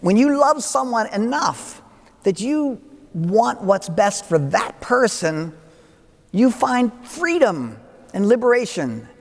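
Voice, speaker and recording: An older priest gives a wedding homily, his voice fairly high and rising and falling with lively expression. He tells a story full of asides and gentle humor, and his words ring on in a long church reverb. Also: takes it slowly.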